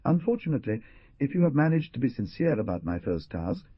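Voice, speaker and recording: A man's voice: medium pitch, very animated, quick pace, husky, no room sound, highs cut off, voice pushed up. A man voicing a proud, fiery young outlaw leader who speaks in passionate, indignant outbursts, read in an audiobook. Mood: impassioned.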